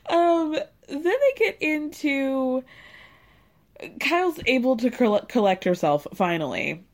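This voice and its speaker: A woman's voice: medium pitch, a little mellow. Sarcastic gossipy woman recapping. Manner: sarcastic, gossipy, breaks into laughter and whoops. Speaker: podcast host recapping a reality show. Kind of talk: casual chatty recap.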